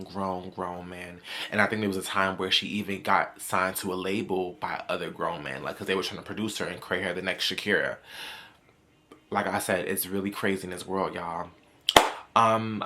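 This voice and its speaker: New guy doing storytime commentary, kinda low but bright and punchy, keeps repeating himself. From New York. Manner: chatty, repetitive, animated storytelling. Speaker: commentary vlogger.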